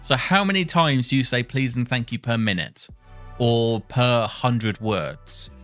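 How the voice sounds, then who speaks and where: A man talking to himself while testing speech software, muttering and correcting himself as he goes. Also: medium pitch. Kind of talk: casual thinking-aloud coding session.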